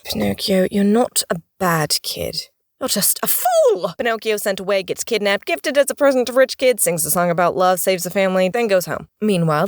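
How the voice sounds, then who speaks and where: A woman hosting a comedic video essay, narrating in an exasperated, sardonic way with rapid-fire questions. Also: on the low side, no echo, clean studio sound.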